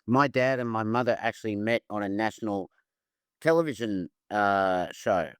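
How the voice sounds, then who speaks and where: A man's voice: fairly low pitch, moderate pace, clean tone, dry recording, clean studio sound. A man with an Australian accent, a musician guest in a casual interview, chatting and telling stories with frequent restarts.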